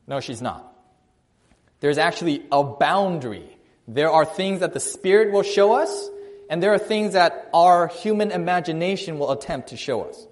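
A man preaching a sermon, telling a personal story in a conversational way and shifting his loudness and pace for emphasis. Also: a little high, expressive, moderate pace.

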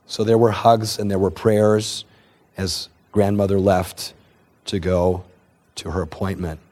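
A man's voice: low-pitched, little pitch movement, unhurried, dark tone. A man preaching, telling a family story in an earnest way, often repeating and restarting words. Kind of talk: sermon storytelling.

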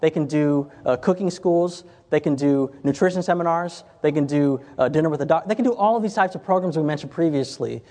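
This man talks fairly quickly with hardly any pauses, his fairly high voice mellow, as he gives an informal health ministry talk to a group in a chair-lined room. His anecdotes are conversational, with frequent repeated and restarted phrases, and long hall reverb fills the recording.

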